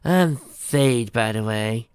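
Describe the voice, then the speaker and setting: A man voicing a friendly young mare who works at a club, talking slowly and easily in a read-aloud pony story. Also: mid-range voice, smooth, dry recording, close to an everyday voice. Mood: easygoing. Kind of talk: fan fiction read aloud.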